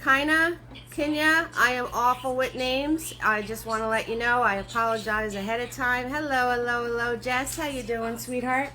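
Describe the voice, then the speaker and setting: A woman's voice: fairly high pitch, steady tone, moderate pace, bright, forceful tone, slight background noise. A woman running a live-stream painting class, chatty and often laughing, greeting her viewers by name in a sing-song voice. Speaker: painting instructor.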